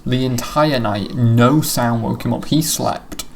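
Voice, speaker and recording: A man's voice: medium pitch, takes it slowly, vocal fry, a little hiss or hum. A man commenting on his own video in a casual chat, rambling and swearing freely.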